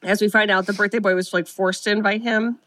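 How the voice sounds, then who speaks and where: A woman's voice: mid-range voice, fairly even intonation, quick pace, fairly bright tone, no echo. Chatty woman recapping a film, dry sound. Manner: chatty, sarcastic, acts out characters' lines. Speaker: podcast co-host recapping a film. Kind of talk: casual chat.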